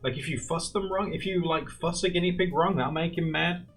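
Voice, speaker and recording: A young man streaming live, chatting casually and rambling while he draws, often laughing and jumping into high squeaky bursts. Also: fairly quick, faint music behind. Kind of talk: casual chat while drawing on a livestream.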